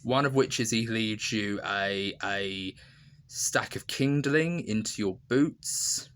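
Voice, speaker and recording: Chatty man with a bright, tense voice. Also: lowish voice, slow, clear, resonant tone. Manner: rambling, many ums and restarts, laughing asides. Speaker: film reviewer. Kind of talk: casual spoken review.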